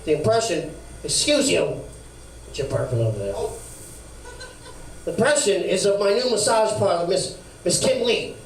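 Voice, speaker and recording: Brief: brash, fairly high-voiced man doing a crude stand-up persona on a club stage, mic distant, echoey and noisy. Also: very animated, normal speed, creaky, long pauses. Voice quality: brash, crude, mumbling asides. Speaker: stand-up comic. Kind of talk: stand-up set in a brash lounge-act persona. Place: comedy club stage, live. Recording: echoey room heard from far off.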